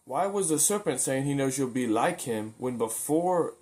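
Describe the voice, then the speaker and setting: A man with an expressive, slightly mellow mid-range voice talks at normal speed in a daily faith video. He preaches earnestly in a loose, conversational style, often repeating words as he restarts his thoughts.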